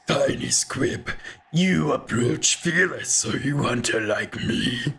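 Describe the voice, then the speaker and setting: A grim, menacing bug hunter, as a male streamer puts him on, speaking in a raspy, gravelly half-whisper. The words come slow and heavy, pitched around the middle, with a sharp, edgy bite to the tone. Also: expressive, exaggerated voice. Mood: ominous. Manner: slow ominous intoning. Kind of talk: voicing game characters.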